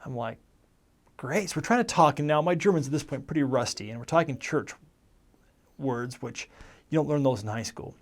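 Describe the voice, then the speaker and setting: A man's voice: mid-range voice, lively intonation, fairly quick. A man in his forties, a former missionary, telling his life story in a rambling, conversational way, often correcting himself as he goes. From United States. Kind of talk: casual personal storytelling.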